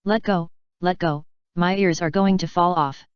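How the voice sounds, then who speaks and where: A woman's voice: lowish voice, fairly even intonation, a little slow, clear, resonant tone, no echo, lo-fi sound, natural voice. A woman reading the lines of a bossy, greedy young female navigator, in her own plain voice.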